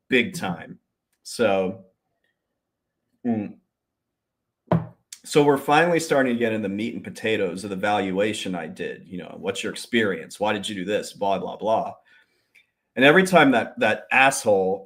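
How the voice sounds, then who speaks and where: A man hosting his own show, telling a long story in a casual, profane, animated way and acting out the people he quotes. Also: fairly low pitch. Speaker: podcast host.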